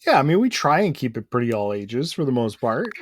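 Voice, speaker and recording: A man co-hosting a comics podcast in casual chat, easygoing and quick to laugh. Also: medium pitch, big pitch swings. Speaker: podcast co-host.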